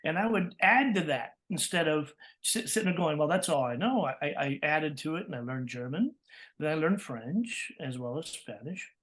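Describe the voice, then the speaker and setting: A man from California tells stories as an interview guest. His voice sits somewhat high. He talks with animated energy, breaks into laughs, and slips into the voices of the people he quotes. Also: moderate pace. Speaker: guest, voice actor. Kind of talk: interview storytelling.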